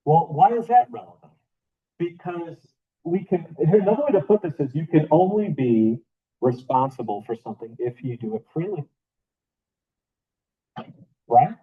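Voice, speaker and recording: A man's voice: a little high, expressive, moderate pace, long pauses, husky, narrow, tinny audio. A man teaching a philosophy class in a casual lecture style, asking the students rhetorical questions and repeating his key phrases. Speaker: philosophy professor.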